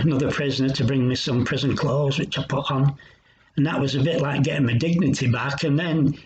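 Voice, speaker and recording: A man giving a personal testimony in an earnest, reflective way, pausing as he tells his story. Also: a little high. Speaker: Christian recovery speaker. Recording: dull lo-fi sound.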